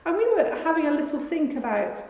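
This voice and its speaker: Brief: woman church leader, gentle family-session chat, high and unhurried, boomy church acoustics. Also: animated. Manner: soft-spoken, full of tag questions. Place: large church building. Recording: echoey church with long reverb, dull sound.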